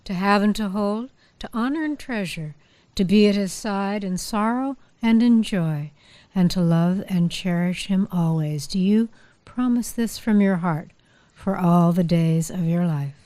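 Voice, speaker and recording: A woman's voice: medium pitch, measured pace, no room sound. Playful woman officiating a wedding. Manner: warm, playful and coaxing. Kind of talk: leading a wedding ceremony.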